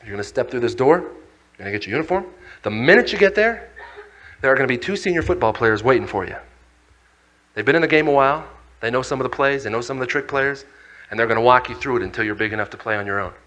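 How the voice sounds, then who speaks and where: A man voicing a calm, reassuring male coach who speaks patiently and soothingly. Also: medium pitch, fast, lightly acted.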